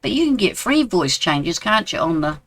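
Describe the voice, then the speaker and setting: A man in his sixties with a New Zealand accent streams a game and casually chats with viewers, answering their messages. His high voice has a sing-song lilt, a moderate pace and a slightly bright tone, though the recording is rough.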